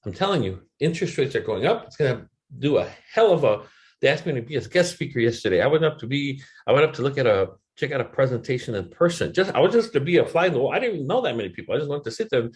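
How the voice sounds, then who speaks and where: Very animated and fast, this medium-pitched middle-aged man gives a motivational webinar talk, telling a candid, emotional story about himself with loose swearing. He acts out others' words in varying voices, getting louder and quieter as he goes.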